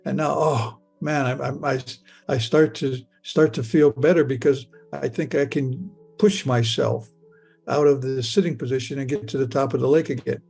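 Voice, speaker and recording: An older man telling his own story in a halting, stammering way, with frequent restarts. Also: medium pitch, steady tone, gravelly, a little mellow, breathy edge, faint music behind. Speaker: storyteller recounting a near-death experience. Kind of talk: personal storytelling.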